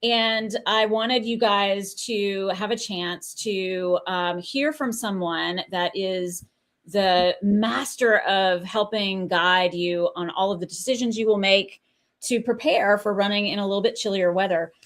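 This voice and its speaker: A woman race director welcoming viewers on a livestream, enthusiastic and a little halting. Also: medium pitch, fairly even intonation, a bit bright.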